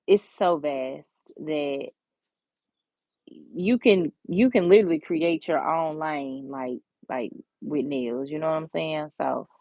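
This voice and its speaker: A woman hosting a nail art tutorial, chatting casually and encouraging viewers, sometimes dropping to a soft whisper while she works. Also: deep voice, no room sound, lo-fi sound. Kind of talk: casual step-by-step tutorial chat.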